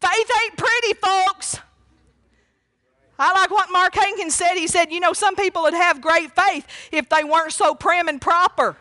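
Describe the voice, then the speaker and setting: A woman preaches in a high, bright voice. She speaks fervently and folksily, often calling out praise, and at times rises to a near shout. The sound is dry and close. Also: steady tone, normal speed, few pauses, dry recording. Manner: rises to shouting when quoting cries for mercy. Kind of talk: sermon.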